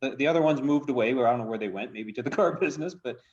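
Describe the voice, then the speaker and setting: A man's voice: mid-range voice, very fast, darkish tone. Rambling man on a dull-sounding line. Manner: rambling, chuckling, emphatic. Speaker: co-host. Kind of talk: casual panel chat.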